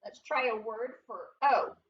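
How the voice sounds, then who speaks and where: A woman teaching a phonics lesson, patient and deliberate, repeating words aloud and asking the students questions. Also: a little high, a bit bright, recorded from a distance, muffled recording. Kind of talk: slow, deliberate classroom instruction.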